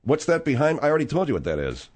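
Middle-aged man, talk-radio host, lively swooping pitch, rambling, casual banter. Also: very fast. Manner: rambling and animated, with frequent fillers.

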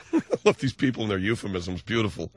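A man hosting a call-in radio talk show, joking loosely and laughing easily, hoarse from laryngitis. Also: on the low side, animated, fairly quick, no echo.

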